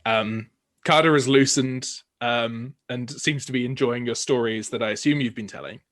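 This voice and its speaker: A man's voice: medium pitch, normal speed, a bit bright. A man narrating as game master of a tabletop game, hesitant with many fillers and restarts.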